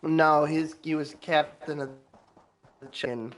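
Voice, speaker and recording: A man's voice: a little high, fairly even intonation, slow. A man co-hosting a podcast, telling stories bluntly and swearing constantly while gaming. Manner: profane, storytelling, blunt. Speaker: podcast co-host. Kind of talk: casual chat while gaming.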